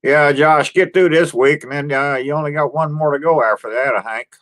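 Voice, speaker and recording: A laid-back man hosts his own live stream, greeting viewers by name and rambling unhurriedly about his day. His speech is homespun and rural, punctuated by easy sighs, and his voice is fairly high and a bit bright.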